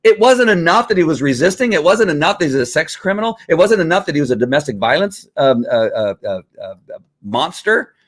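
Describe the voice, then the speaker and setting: A man's voice: on the high side, big pitch swings, brisk. Fired-up male podcast host. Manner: fired-up, rambling, with frequent restarts. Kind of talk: heated political commentary.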